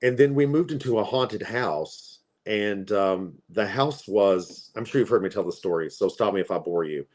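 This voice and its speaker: A man's voice: on the low side, expressive, normal speed, hardly any pauses, a little mellow. A man in his forties from Appalachia, a tarot reader telling stories in a chatty, rambling way. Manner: chatty, rambling, with frequent fillers. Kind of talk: casual storytelling.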